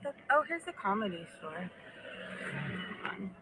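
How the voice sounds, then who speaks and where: A woman in her forties chatting in a casual vlog from inside a car, rambling, excitable and profane. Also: mid-range voice, normal speed, background noise. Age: 40s.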